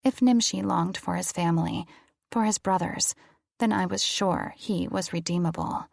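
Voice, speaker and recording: Brief: woman audiobook narrator, lowish gravelly voice, close dry mic. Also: normal speed, dry recording. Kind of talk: first-person audiobook narration.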